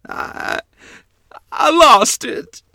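A man's voice: medium pitch, sing-song, moderate pace, fairly bright tone, dry recording, clean studio sound, voice pushed up. A man voicing a frightened young boy who stammers and quivers in a read-aloud story.

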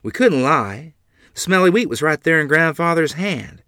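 A man narrating a read-aloud story in an expressive, good-humored manner. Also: fairly high pitch, moderate pace, no room sound, studio quality.

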